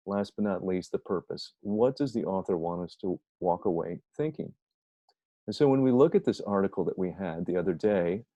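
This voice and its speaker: A man's voice: sits low, warm tone, no echo. A middle-aged man lecturing to a class, explaining step by step and answering his own questions. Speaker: instructor. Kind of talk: recorded lecture. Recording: dull lo-fi recording.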